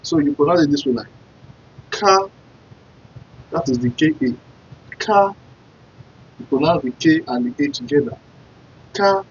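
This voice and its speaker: A man's voice: on the high side, a little fast, vocal fry, a little mellow, slight background noise. A man giving a casual spoken lesson, patiently repeating and spelling out words and encouraging his viewers. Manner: encouraging, addresses viewers directly. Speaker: language teacher. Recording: dull lo-fi sound.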